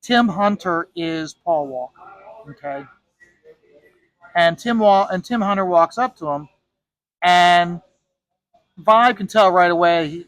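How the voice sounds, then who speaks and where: A man's voice: high voice, takes it slowly, pauses often, fairly bright tone, dry recording, low-quality recording. A man who is a comic artist, casually telling a story while he draws, rambling with frequent restarts and repeated words.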